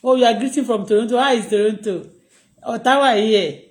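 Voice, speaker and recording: A woman's voice: a little high, brisk, slight background noise, poor audio. A woman with a Nigerian Yoruba accent, chatting casually on a live stream and switching between English and Yoruba with chuckling asides. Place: home in Canada.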